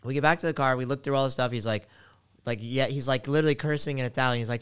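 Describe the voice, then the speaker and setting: A young man hosting a podcast, telling a travel story in an animated, casual way with lots of fillers. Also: medium pitch, racing. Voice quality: very clear voice.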